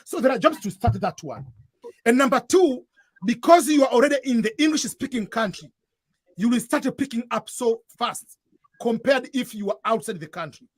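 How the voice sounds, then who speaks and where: A man from East Africa, whose first language is Swahili, speaks with an East African accent in a very high, animated, breathy voice at normal speed, recorded dry. As a guest advising newcomers in a casual chat, he gives earnest advice, often repeating and restarting phrases.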